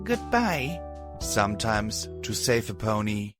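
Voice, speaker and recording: A man narrating a fanfiction audiobook in the first person, reading at an even, steady pace. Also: fairly low pitch, moderate pace, over music. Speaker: audiobook reader.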